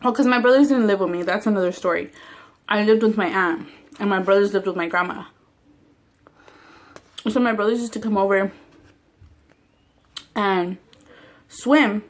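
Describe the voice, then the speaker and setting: A woman's voice: mid-range voice, moderate pace, long pauses. A woman talks casually to the camera while eating on a mukbang vlog. She rambles from story to story, swears freely and laughs easily, in a mid-range voice. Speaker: mukbang vlogger.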